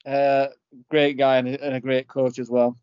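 A co-host chats casually on a podcast, trips over his words and restarts often. His pitch is ordinary and middling. The sound is dull and lo-fi. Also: level tone, moderate pace, a little mellow, clear, resonant tone. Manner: hesitant, stumbling over repeated words. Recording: dull lo-fi recording.

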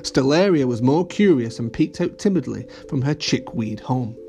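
A man gently reading a children's story aloud as storyteller. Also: expressive, normal speed, hardly any pauses, over music. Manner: gentle, switches to high voices for characters.

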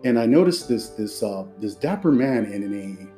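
Mellow-voiced chatty male podcast host. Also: lowish voice, animated, moderate pace, soft background music. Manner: chatty and effusive, with loose restarts. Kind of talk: casual podcast chat.

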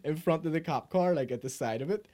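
A man's voice: fairly high pitch, fast talker, a crowd in the background. A man co-hosting a casual podcast, telling stories with lots of swearing and laughter. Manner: sweary, laughing storyteller, animated retellings. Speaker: podcast co-host. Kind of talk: casual chat.

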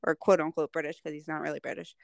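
A woman's voice: sits low, quick pace, creaky, no echo. A woman co-hosting a podcast, telling stories animatedly and saying "like" a lot. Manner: animated storyteller, lots of "like". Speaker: podcast co-host. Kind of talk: casual chat.

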